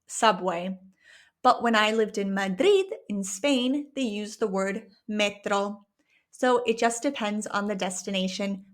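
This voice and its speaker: A woman teaching a language lesson, encouraging her listeners and slowing down to pronounce each word clearly, checking in with "okay?" as she goes. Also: medium pitch. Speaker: Spanish teacher.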